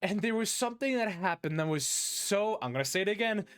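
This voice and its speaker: A man's voice: high-pitched, animated, fairly quick, fairly bright tone, smooth, faint music behind. A man hosting a podcast, chatting casually and telling stories with lots of restarts and fillers. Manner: rambling storyteller, many restarts and fillers. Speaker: podcast host. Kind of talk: casual chat.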